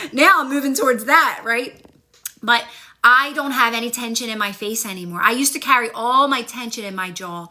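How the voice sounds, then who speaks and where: A woman's voice: a little high, bright, forceful tone. A woman coaching viewers on a phone livestream, upbeat and encouraging, talking back to their comments. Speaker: manifestation coach. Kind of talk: casual livestream chat with viewers.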